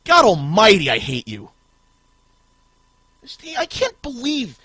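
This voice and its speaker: A man's voice: sits high, husky, dry recording. Furious, swearing male podcast host. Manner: furious, swearing, shouting bursts. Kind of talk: profane ranting podcast talk.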